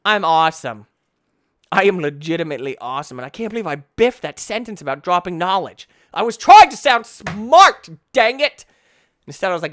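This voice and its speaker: A man giving goofy let's play commentary, talking to the game and bursting into shouts when things go wrong. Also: sits high, sing-song, normal speed, dry recording, studio quality.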